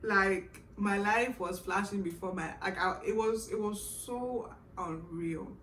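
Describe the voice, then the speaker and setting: Bright-voiced young woman telling a storytime. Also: medium pitch, takes it slowly, far from the mic, a little hiss or hum. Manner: animated storyteller who acts out her own past reactions. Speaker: vlogger. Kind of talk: storytime vlog. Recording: roomy echo, mic set back.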